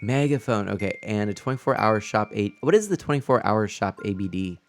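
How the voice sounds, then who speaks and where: A man's voice: fairly low pitch, animated, fairly quick, soft background music. A man streaming a game from a room at home, chatting casually and stumbling over his words on a desk mic. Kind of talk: casual chat while playing a game. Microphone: new desk mic setup.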